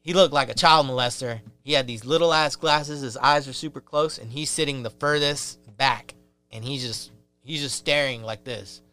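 Profane, animated young man telling a story. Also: medium pitch, moderate pace, clear, resonant tone, faint music behind. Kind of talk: casual chat.

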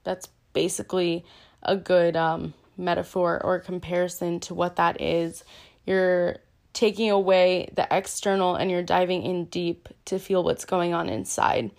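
A woman's voice: on the low side, steady tone, a little slow, gravelly, darkish tone. A woman teaching yoga in a casual, earnest way, chatty and self-deprecating, with lots of "um" and "like". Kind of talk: casual explanatory talk.

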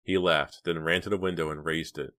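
A man narrating an audiobook in an even, measured storytelling manner. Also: a bass voice. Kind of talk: scripted narration.

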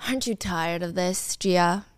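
A woman's voice: lowish voice, unhurried, clean tone, dry recording, studio quality, voice pushed down, lightly acted. A woman voicing a cold, dismissive cheating husband in a drama recap, with curt, sneering lines.

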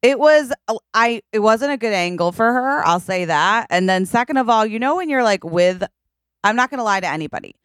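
A woman's voice: fairly high pitch, expressive, brisk, fairly bright tone, clear, resonant tone, no room sound, studio quality. A woman co-hosting a podcast in casual chat, joking around and acting out little voices. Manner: playful, jokey, acts out little voices. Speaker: podcast co-host.

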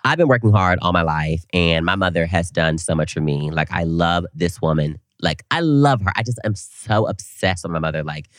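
A young man co-hosting a podcast, telling a story in animated casual chat and quoting people in big voices. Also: low voice, normal speed, hardly any pauses, no room sound, studio quality. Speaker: podcast co-host.

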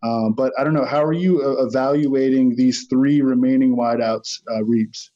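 A man's voice: medium pitch, fairly even intonation, moderate pace, warm tone, dull audio. A man discussing fantasy football receivers in a loose podcast chat, thinking aloud with restarts.

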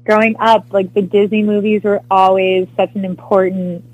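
A woman from the US Midwest, an actress telling a story as a guest in an interview, animated and laughing often, with many fillers. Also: medium pitch, normal speed, no room sound, lo-fi sound.

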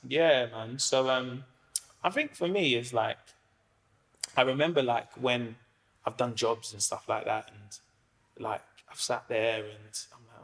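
A male comedian, guesting on a podcast, chats casually in a medium-pitched, fairly bright voice at an unhurried pace. His talk rambles, full of slang, fillers and "do you know what I mean."

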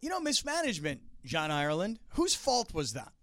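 A man's voice: sits high, huge pitch swings, brisk, a bit bright, no echo, studio quality. A man co-hosting a sports talk show, talking casually and animatedly, acting out quotes with frequent restarts. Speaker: sports radio co-host.

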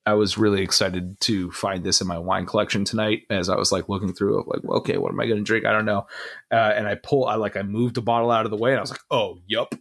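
Young male podcast co-host, low voice, rambling and excited, casual chat. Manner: enthusiastic, rambling with many fillers.

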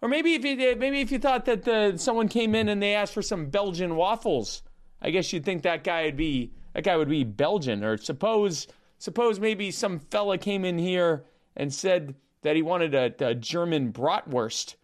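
A man putting on a low, deadpan, halting comedian voice to tell a rambling joke about being teased. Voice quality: deadpan, drawling, halting with restarts. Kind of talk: comedian impression bit.

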